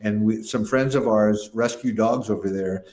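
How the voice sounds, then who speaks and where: A man's voice: lowish voice, fairly even intonation, normal speed, a little mellow. An older man, a musician guest, telling a rambling anecdote in casual talk and acting out the voices of people he quotes. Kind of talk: casual storytelling interview.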